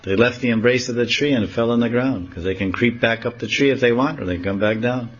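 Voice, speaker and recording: A man giving a devotional talk, telling a sacred story and explaining scripture in an animated way. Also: mid-range voice, fast talker, highs cut off, soft background music. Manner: animated, acting out dialogue. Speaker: monk teaching scripture.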